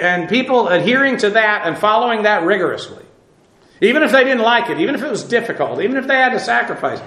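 A man's voice: high voice, pushed and bright, reverberant, rough recording. A man teaching an informal Bible class in a conversational way, with many fillers and dry asides.

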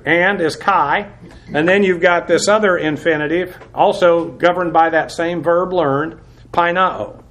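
A middle-aged man leads an evening Bible study, speaking a touch higher than most men. He works methodically through Greek terms, spelling them out letter by letter and pausing often with small fillers. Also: a bit bright. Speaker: Bible teacher. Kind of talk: verse-by-verse Greek word study.

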